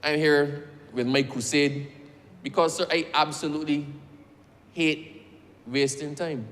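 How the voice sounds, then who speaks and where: A man's voice: a little high, fairly even intonation, a little slow, a bit bright. A man with a Barbadian accent, a member of parliament telling a story in a parliamentary speech and addressing the chair as sir. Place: large legislative chamber. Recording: long echo of a large chamber.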